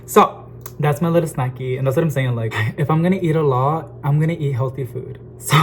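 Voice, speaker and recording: Chatty excitable man vlogging at home. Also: on the high side, brisk, a little hiss or hum. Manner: chatty, excitable, addresses viewers as y'all. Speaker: plant vlogger. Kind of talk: casual chatty vlog. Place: home kitchen. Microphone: phone camera.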